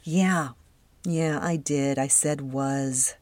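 Woman podcast host, low-ish voice, chatty and eager, close dry mic. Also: fairly even intonation, very slow, a little mellow, dry recording. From Southern California. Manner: chatty, enthusiastic storytelling with fillers. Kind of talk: casual solo podcast monologue.

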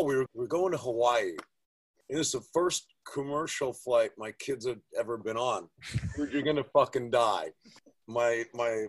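A man, a father, telling stories in a casual, profane chat. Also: mid-range voice. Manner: profane, animated storyteller.

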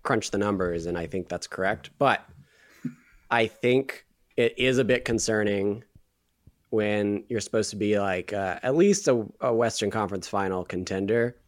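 A man's voice: fairly low pitch, moderate pace, no echo, clean studio sound. A man co-hosting a casual sports podcast, teasing his co-host and talking with lots of fillers. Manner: teasing, joking, filler-heavy.

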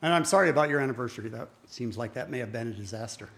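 A man co-hosting a comedy podcast who answers with short, dry, deadpan replies. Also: medium pitch, racing, vocal fry. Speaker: podcast co-host. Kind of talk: casual comedic chat.

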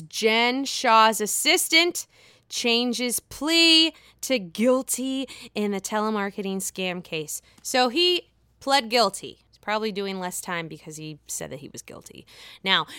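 A woman talks through her favorite reality shows in a gushing, gossipy way, cursing freely and swinging from muttered asides to excited outbursts. Her voice is bright and crisp, and it sits a little high. The sound is dry and close, with no room around it. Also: no room sound. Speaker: reality TV commentator. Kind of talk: casual chat.

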